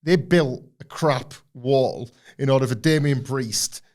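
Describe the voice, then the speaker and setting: A man's voice: medium pitch, takes it slowly, a little mellow. A man co-hosting a podcast, giving a thoughtful, rambling analysis of a wrestling storyline in casual chat. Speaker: podcast co-host.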